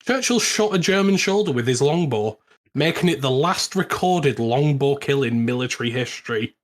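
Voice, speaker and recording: A British man co-hosting a podcast, telling a history story in casual, animated chat with frequent laughs. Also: medium pitch, normal speed. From Britain. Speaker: podcast co-host.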